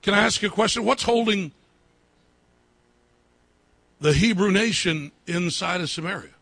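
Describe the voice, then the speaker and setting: A male pastor preaching a sermon, repeating his phrases and building up to fervent shouting. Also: high voice, normal speed, creaky, husky, no echo.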